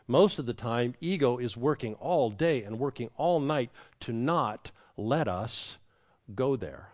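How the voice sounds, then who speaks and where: Man, pastor, sermon, reflective repeating cadence, hushed key words, middle pitch. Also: expressive, unhurried. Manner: reflective, repetitive cadence, drops to a quiet hush on key words.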